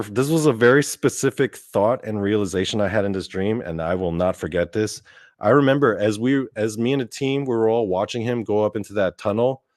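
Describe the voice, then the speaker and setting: A man tells a story from his own life in a loose, meandering way, swearing freely and circling back through fillers and false starts. His voice sits fairly low, and the recording is close and dry with no room sound at all. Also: a little mellow, no echo. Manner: rambling, profane, full of fillers and restarts. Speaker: podcast host. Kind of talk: casual first-person storytelling.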